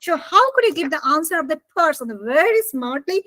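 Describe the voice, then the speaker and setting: A Bengali-accented woman teaches a spoken English lesson over a video call. She talks very fast in a high voice, switching between English and Bengali and checking whether students follow. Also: animated, bright, forceful tone. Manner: mixes English and Bengali, asks students questions. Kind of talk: online class lecture.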